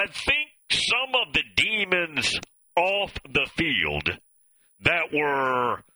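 Animated, bright-voiced sports radio man. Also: on the high side, no echo, low-quality recording. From American South. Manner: opinionated, folksy, animated. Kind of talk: call-in sports talk.

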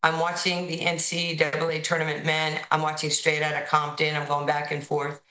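Low, bright woman guest from New York, lively storyteller, echoey room. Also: moderate pace. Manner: animated storyteller, acts out quoted voices. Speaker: basketball head coach, guest. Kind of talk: interview storytelling.

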